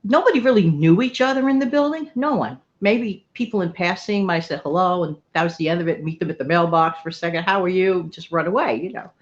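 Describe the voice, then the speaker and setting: A woman's voice: lowish voice, animated, fast talker, hardly any pauses, highs cut off. A middle-aged woman hosting a vlog, telling stories in a chatty, rambling way and laughing often. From New York City. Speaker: vlog host. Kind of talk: casual storytelling monologue.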